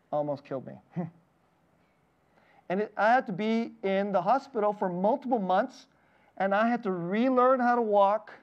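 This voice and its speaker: A man's voice: high-pitched, muffled recording. A man in his thirties, a pastor, preaching a sermon and telling personal stories, often laughing lightly between lines. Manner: personal storytelling with frequent laughs.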